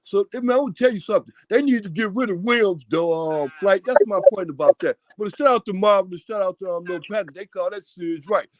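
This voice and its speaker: High-voiced man rambling sports shout-outs. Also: fast talker, hardly any pauses, dry recording. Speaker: caller. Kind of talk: casual sports chat.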